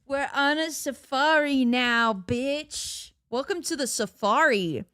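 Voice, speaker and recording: A woman's voice: high voice, takes it slowly, pushed and bright, dry recording. A woman chatting casually on a live stream, playful and giggly, laughing often, her voice cracking. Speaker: livestreamer.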